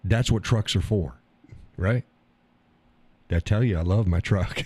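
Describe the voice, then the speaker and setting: A man's voice: fairly low pitch, a little slow, a little mellow, slightly rough, dry recording. A man hosting a casual live stream, joking in a folksy way, reading viewers' comments aloud and laughing often.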